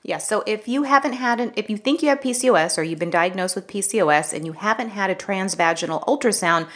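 A middle-aged woman co-hosting a health podcast, explaining things in a casual, conversational way that turns animated when she tells a story. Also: mid-range voice, quick pace. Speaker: podcast co-host, health practitioner.

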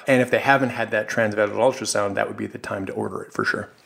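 Deep, gravelly man speaking in a flat tone. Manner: halting, filler-heavy, agreeing. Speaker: podcast co-host, health practitioner. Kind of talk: casual health podcast discussion.

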